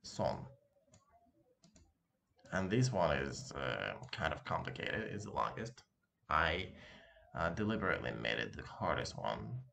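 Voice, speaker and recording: A man's voice: very deep voice, big pitch swings, moderate pace, creaky, bright, forceful tone, a little hiss or hum. A man with a Russian accent, a native Russian speaker, teaching a casual online language lesson and patiently repeating words for practice. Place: room with open window, street noise behind.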